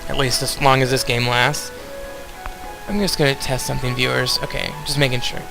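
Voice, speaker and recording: A man's voice: medium pitch, level tone, a little fast, gravelly, music in the background, low-quality recording. A young man casually commenting on a video game as he plays, rambling and talking straight to his viewers. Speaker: let's play host.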